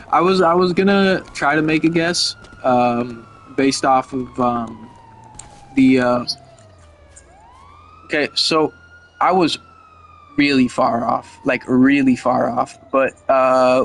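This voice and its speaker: A man's voice: medium pitch, takes it slowly, a bit bright, a little hiss or hum, rough recording. A young man streaming a game, chatting casually and rambling with lots of "like" and swearing. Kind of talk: casual gaming stream chat.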